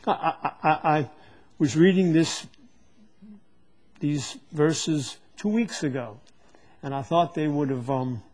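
A man's voice: a little high, a little mellow. A man preaching a sermon to a live congregation, teaching from the Bible and often stopping to repeat words as he searches for them.

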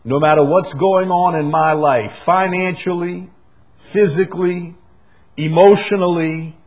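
A man preaching a sermon as pastor, emphatic, repeating key phrases and swinging between loud declarations and soft asides. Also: high voice, fairly even intonation, measured pace.

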